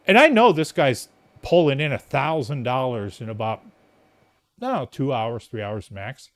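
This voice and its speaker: A man's voice: mid-range voice, expressive, moderate pace. A male podcast host telling a story in a casual, rambling monologue, blunt and swearing freely.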